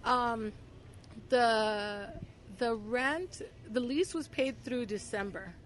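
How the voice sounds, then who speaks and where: A woman guest telling a personal story in casual conversation, full of "like" and restarts, getting louder and quicker as she gets excited. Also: a little high, slight background noise. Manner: filler-heavy, talks with 'like', gets louder and faster when excited. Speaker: podcast guest.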